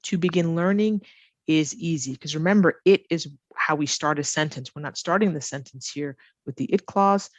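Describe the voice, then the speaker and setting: A woman's voice: deep voice, moderate pace, no room sound. A woman teaching English as a second language, patiently walking through grammar exercises and asking the learner questions as she goes. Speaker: ESL teacher. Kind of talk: grammar lesson walkthrough.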